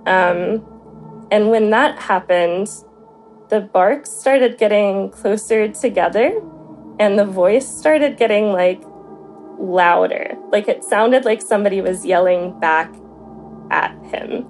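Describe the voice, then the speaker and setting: A woman's voice: mid-range voice, takes it slowly, darkish tone, faint music behind. A young adult woman casually recounting a personal story as a podcast guest, talking in a chatty way full of fillers. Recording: faint background noise.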